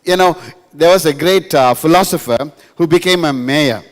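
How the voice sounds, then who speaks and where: In a reverberant school hall, a male pastor tells stories and jokes during a live sermon, repeating lines for emphasis. His voice is on the high side, and he talks at a normal speed.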